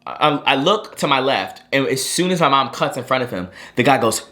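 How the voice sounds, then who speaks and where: A young man telling a story to viewers in an animated way, with many fillers like "like" and "um". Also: medium pitch, fairly quick, background noise. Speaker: co-host, son.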